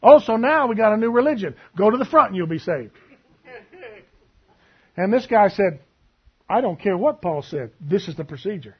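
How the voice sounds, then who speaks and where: Husky man preaching a sermon. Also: high voice, big pitch swings, normal speed, long pauses, muffled recording. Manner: storytelling, acts out both sides of a conversation.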